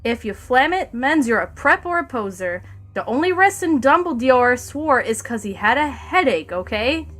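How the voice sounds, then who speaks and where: A woman's voice: sits high, big pitch swings, normal speed, a bit bright, faint music behind. A woman streamer reading a fan story aloud on stream, breaking off for sarcastic, profane asides to her chat. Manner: sarcastic, profane asides between read passages.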